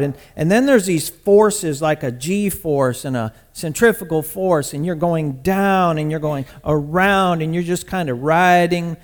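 A man preaching a sermon in a conversational, animated way, speaking directly to his congregation and swinging from loud bursts to quiet asides. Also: on the high side. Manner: talks to the congregation directly, calling on people by name.

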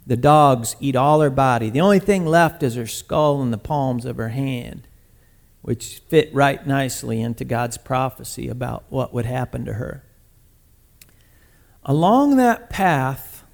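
A man preaching a sermon, retelling a scripture story in a lively, conversational way with sudden loud bursts. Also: mid-range voice, vocal fry. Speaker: pastor.

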